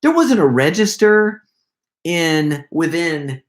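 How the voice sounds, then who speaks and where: A middle-aged man hosting a casual live Q&A, telling stories in an excitable, rambling way full of quick asides. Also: a little high. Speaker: prank video creator hosting a live Q&A. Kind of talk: casual livestream chat.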